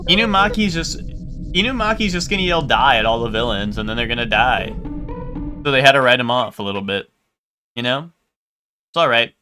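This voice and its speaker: Young male streamer: bright, animated, rambling, swears, faint background music. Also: medium pitch, a little fast, pauses often. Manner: rambling, swears a lot, full of "like". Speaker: game streamer. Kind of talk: casual live-stream chat.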